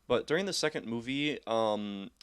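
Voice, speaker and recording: Young guy cohosting a podcast, rambly storyteller, swears a lot, mid pitch. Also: lively intonation, normal speed, clean tone. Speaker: podcast co-host. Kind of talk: casual chat.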